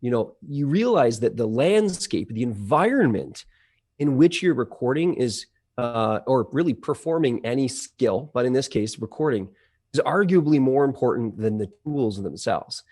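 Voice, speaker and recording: A man's voice: medium pitch, expressive, moderate pace, a little mellow. A man being interviewed as a company executive, explaining at length in a chatty way with lots of fillers and restarts. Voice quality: trained audio engineer. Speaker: CEO of a voice-over marketplace, guest. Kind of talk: conversational interview.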